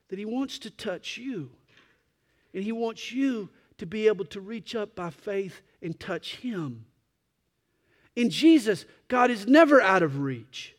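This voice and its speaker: Male pastor, sermon, high voice, emphatic loud-soft swings, dramatic slow pauses. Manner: emphatic preaching, swells loud then drops soft and slow.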